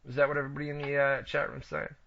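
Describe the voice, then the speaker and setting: A man's voice: medium pitch, monotone, rapid-fire, creaky. A man hosting a wrestling radio show in loose, joking chat, with lo-fi internet radio sound. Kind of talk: casual chat.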